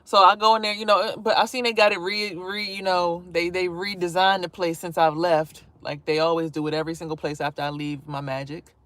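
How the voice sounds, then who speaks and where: Animated woman telling a story, dry sound. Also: on the low side, a little fast, hardly any pauses, dry recording. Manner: animated, profane, acts out quotes. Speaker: vlogger. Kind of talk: casual storytelling.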